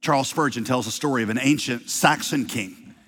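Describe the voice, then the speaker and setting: A man preaching a sermon as pastor, emphatic, swinging from loud bursts to hushed low lines. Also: fairly quick, breathy edge. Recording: long reverb of a large hall.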